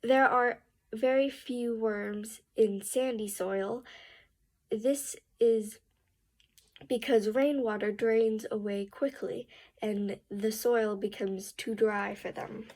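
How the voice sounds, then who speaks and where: Woman, slow careful reading aloud, restarts, rising sentence ends, fairly high voice. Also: steady tone, darkish tone. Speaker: reading student.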